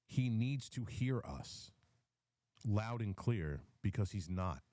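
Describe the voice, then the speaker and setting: A man's voice: lowish voice, expressive, slow, dark tone, no echo, studio quality. A man hosting a live audio space, giving a rambling political commentary rant full of ums, repeated words and restarts, and fighting the hiccups. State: has the hiccups.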